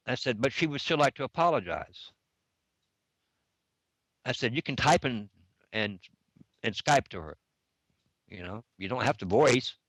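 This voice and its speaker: A middle-aged man with an average-pitched voice tells the story of an online argument, piling up "I said" again and again as he reads the messages back. His voice sounds dry and close, with no room echo. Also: expressive, measured pace, long pauses, fairly bright tone. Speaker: online game player recounting a dispute. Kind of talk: casual spoken retelling of a chat.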